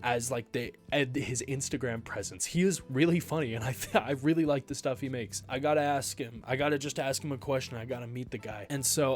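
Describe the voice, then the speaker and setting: A young man vlogging, telling a story casually with lots of fillers. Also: mid-range voice. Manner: rambling, filler-heavy retelling.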